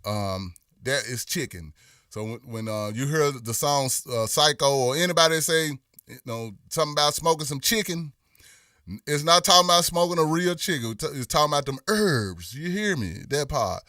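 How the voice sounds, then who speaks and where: Memphis guy chatting on a livestream, kinda worn voice, slightly high, sitting back from the mic. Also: animated, normal speed, pushed and bright, no room sound, clean studio sound, far from the mic. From Memphis, Tennessee. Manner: laid-back, drawling, lots of "you know what I'm saying". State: voice a bit worn from performing. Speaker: livestream host. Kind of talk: casual livestream chat reading comments.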